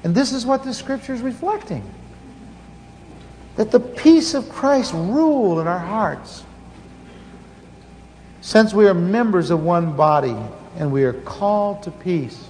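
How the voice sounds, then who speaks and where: Male pastor, high voice, earnest storytelling sermon with restarts, conference hall echo, faint hiss. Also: a little mellow.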